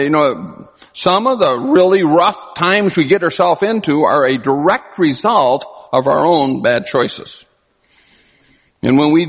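A man preaching a sermon, animated, often acting out the people he quotes. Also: on the high side. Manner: animated, acts out quoted voices. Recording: long hall reverb.

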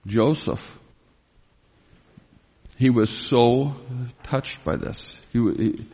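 A man teaching through a Bible passage as a sermon, emphatic and rising in pitch when he retells the drama of a scene. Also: animated, drawn-out words, mellow, husky. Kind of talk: expository sermon. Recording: long reverb of a large hall.

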